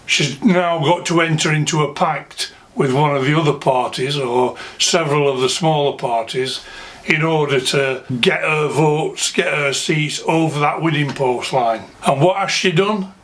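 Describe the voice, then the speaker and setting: A man's voice: on the high side, fairly even intonation, a little slow, fairly bright tone. A man with a Yorkshire accent ranting to camera, angry, indignant and scornful. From England. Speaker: vlogger. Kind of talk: political rant to camera.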